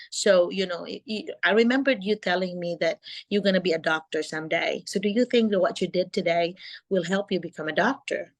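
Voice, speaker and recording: Woman, middle-aged, teacher mentor, animated, lowish voice, video call. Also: fairly quick.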